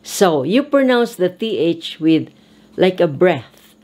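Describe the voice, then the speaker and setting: A woman speech teacher giving a pronunciation drill lesson, saying each word slowly and with careful over-articulation, then repeating it. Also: lowish voice, big pitch swings, dark tone.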